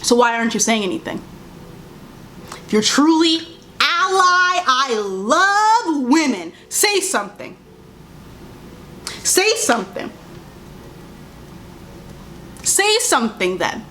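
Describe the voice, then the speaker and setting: A young woman vlogs to camera in a heated, emphatic rush, hammering her points home by repeating them. Her voice sits a little on the high side. A faint hiss runs under the recording. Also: very animated, measured pace, a bit bright. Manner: heated and emphatic, with repeated phrases and mocking quotes. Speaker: vlogger. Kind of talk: impassioned commentary to camera.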